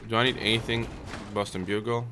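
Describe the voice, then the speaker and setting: A man hosting a gaming channel, chatting through a let's play, talking to viewers and soothing his in-game dog, and shouting when startled. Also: fairly low pitch, flat delivery, a little fast, noisy background. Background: game music.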